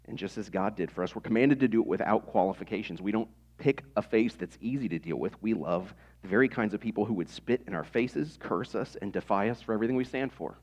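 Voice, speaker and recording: A man's voice: fairly low pitch, quick pace, few pauses, a little mellow. A man in his thirties preaching a sermon in a conversational way, with rhetorical questions to the congregation. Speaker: pastor.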